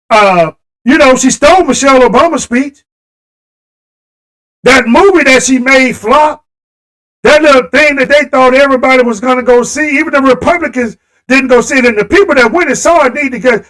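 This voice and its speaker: Fired-up high-voiced man ranting on a livestream. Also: moderate pace, fairly bright tone, poor audio. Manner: impassioned, talks straight to viewers. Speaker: live stream host. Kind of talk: livestream political rant.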